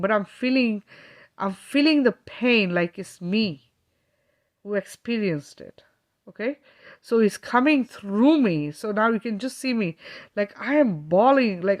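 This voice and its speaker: A woman speaks straight to her viewers in a loose, rambling way, full of fillers and restarts. She sounds earnest and emotional, with the odd laugh breaking in. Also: mid-range voice. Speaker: spiritual channel host. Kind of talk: casual spiritual talk to viewers.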